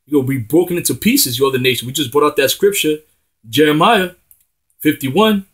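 Husky slangy man preaching scripture. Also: a little high, brisk. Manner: emphatic, profane and slangy between verses. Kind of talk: scripture reading with street-talk commentary.

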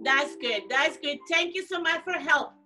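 High bright woman teacher, coaxing kids. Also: normal speed, far from the mic, faint music behind, poor audio. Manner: animated, coaxing and praising, simple non-native-sounding phrasing. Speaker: preschool teacher. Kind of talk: online class instructions to young children.

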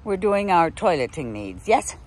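A woman's voice: on the low side, big pitch swings, moderate pace. A woman out of breath on a woodland walk, cooing endearments to her dogs between chatty asides to the camera. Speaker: dog walker. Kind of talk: casual walking vlog. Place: outdoors on a woodland preserve trail.

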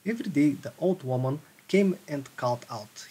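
A man reading a fairy tale aloud haltingly, with restarts and small laughs. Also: a little high, lively intonation, dark tone, slightly rough, poor audio. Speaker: storyteller.

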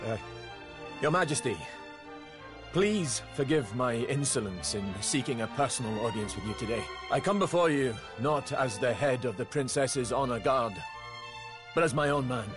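A man's voice: mid-range voice, expressive, normal speed, pitched below the performer's own voice, close to an everyday voice. A man voicing a nervous young male knight who stammers and hesitates, over game music. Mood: formal.

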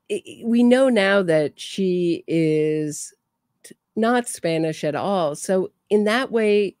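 A woman's voice: fairly low pitch, warm tone, no room sound, studio quality. A woman giving casual true crime commentary, chatty and laughing between remarks.

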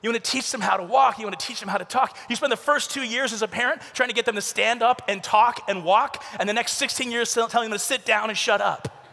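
A man giving a humorous youth conference talk, telling stories and acting out voices with sudden shouts and whispers. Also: sits high, creaky. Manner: animated storytelling, acts out voices with shouts and whispers. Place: large conference arena. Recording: large hall with long reverb.

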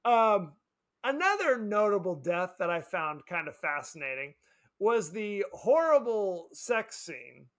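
Animated high-voiced man podcast host. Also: a little slow. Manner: animated, acts out scenes with exaggerated voices. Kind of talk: casual movie chat.

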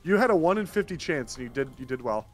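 A man's voice: fairly high pitch, lively intonation, faint music behind. A man with an American accent, joking and teasing in a casual chat while gaming. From United States. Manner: joking, teasing, rapid chatter.

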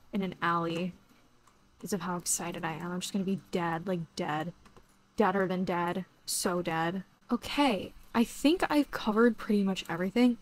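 Excitable young woman gushing over a game. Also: mid-range voice. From Florida. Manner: excitable, gushing, chatty with frequent "like" and "oh my god". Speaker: gaming video host. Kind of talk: casual gameplay commentary.

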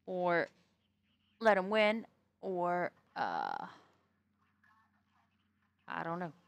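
A woman from the East Coast talks casually over her roleplay game stream, easygoing but blunt and quick to swear. Her voice sits a little low for a woman. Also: huge pitch swings, creaky, no room sound. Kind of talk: casual chat while playing a roleplay game.

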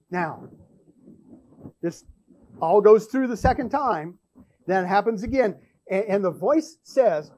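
Slow, emphatic man teaching scripture. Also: high-pitched, lively intonation, dark tone, lo-fi sound, a little hiss or hum. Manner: emphatic, repeats words while thinking aloud. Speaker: church show host. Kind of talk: Bible teaching.

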